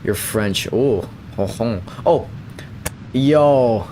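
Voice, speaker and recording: A young man giving rambling, playful gameplay commentary, with bursts of excitement when things go his way. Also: medium pitch, extremely slow, a little hiss or hum. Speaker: gamer.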